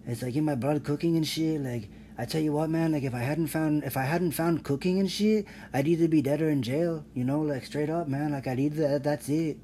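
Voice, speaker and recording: A man's voice: fairly high pitch, brisk, few pauses, mellow, a little hiss or hum, voice pushed up, natural voice. A man voicing a tough-talking male chef contestant with a swaggering, slangy delivery. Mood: boastful.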